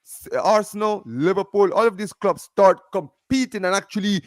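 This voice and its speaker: A man's voice: high voice, moderate pace, no room sound, studio quality. A man arguing about football on a casual live stream, emphatic and insistent, often repeating himself. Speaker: football fan panelist.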